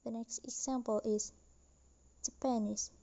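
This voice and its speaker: A young woman student slowly reading a class presentation with careful, deliberate delivery. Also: fairly high pitch, fairly even intonation, mellow, muffled recording. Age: young adult.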